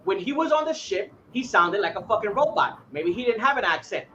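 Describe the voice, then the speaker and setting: A man's voice: high voice, very animated, a little fast, pushed and bright, dull audio, a little hiss or hum. A man from Puerto Rico co-hosting a podcast, nitpicking a film in heated talk full of swearing. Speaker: podcast co-host. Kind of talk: casual podcast banter.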